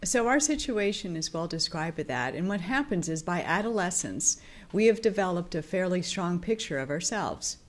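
A woman giving a calm explanatory talk as a teacher. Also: fairly low pitch, moderate pace.

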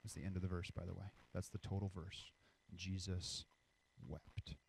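A man's voice: low voice, completely flat delivery, fast talker, vocal fry, warm tone, slight background noise. A man preaching a sermon as pastor, reading scripture and acting out the voices of people in the story.

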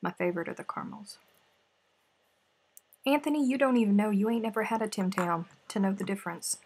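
A woman with a twang chats casually with her livestream viewers, playful and talkative as she answers comments between snacks. Her voice has a husky, slightly breathy texture. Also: mid-range voice, brisk, a little mellow. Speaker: crochet livestream host.

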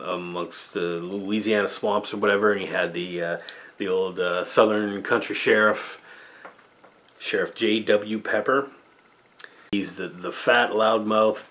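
A man with a fairly low voice reviews old films off the top of his head. His talk is loose and rambling, full of fillers and offhand asides. The tone is casual and unscripted. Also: a bit bright. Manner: rambling, loose, lots of "like" and "or whatever". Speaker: movie reviewer, channel host. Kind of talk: casual off-the-cuff movie review.

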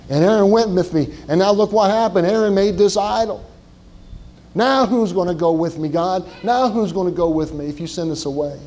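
A man's voice: high-pitched, moderate pace, dark tone, poor audio. A male pastor preaching a sermon, retelling a scripture story dramatically in first person with many repeated words. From Southwestern Ohio.

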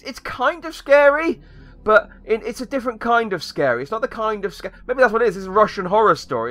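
A man's voice: high voice, pushed and bright. A young man giving sarcastic, rambling commentary while playing a video game. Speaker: gaming YouTuber. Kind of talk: sarcastic let's-play commentary.

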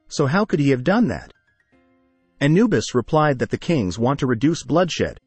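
A man narrating an anime plot recap in a steady, scripted storytelling manner. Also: mid-range voice, husky, dry recording. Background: faint music.

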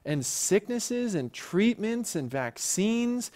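A man with a somewhat high voice leads a church Bible lesson. He talks in a relaxed, conversational way and keeps checking in with his listeners as he explains. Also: takes it slowly. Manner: conversational, often checks in with "right?". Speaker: church teacher.

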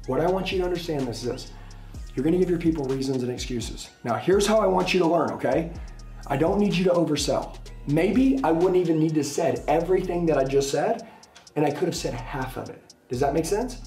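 Man, sales trainer, high-ish voice, punchy pitch delivery, echoey room with music under it. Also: a little mellow. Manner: emphatic, rapid-fire salesman delivery.

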